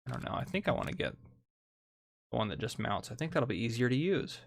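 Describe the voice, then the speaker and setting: A man's voice: medium pitch, very animated, quick pace, creaky, no room sound, studio quality. A man casually commentating a farming game and telling police stories, chatty and laughing often. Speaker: gameplay host and police officer.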